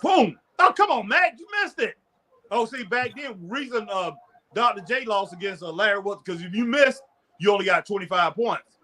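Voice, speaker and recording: A man co-hosting a casual sports chat show, excitable and reminiscing, laughing often as he talks. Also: sits high, normal speed. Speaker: podcast co-host.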